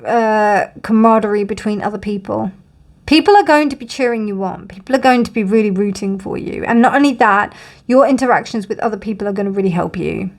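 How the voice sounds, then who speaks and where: Musing woman giving a tarot reading. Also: a little high. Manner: musing, reassuring, thinks aloud with many fillers; yawns often during readings. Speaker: tarot reader. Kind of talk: casual tarot reading to camera.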